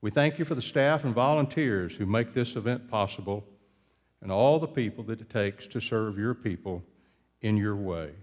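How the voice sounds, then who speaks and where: Low-voiced man leading a prayer. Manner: measured, earnest prayer. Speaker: college president. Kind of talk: invocation prayer. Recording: long hall reverb.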